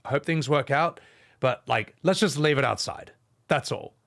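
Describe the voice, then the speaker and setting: A man's voice: medium pitch, moderate pace, creaky, a bit bright. Sarcastic young man streaming a game. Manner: sarcastic, swearing, chatty. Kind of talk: live gameplay commentary.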